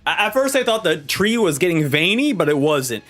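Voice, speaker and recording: A man hosting a manga reaction video, reading the chapter aloud and reacting with excitable energy. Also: a little high, a little fast, soft background music. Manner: animated and excitable, acts out characters' lines. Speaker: manga reaction channel host.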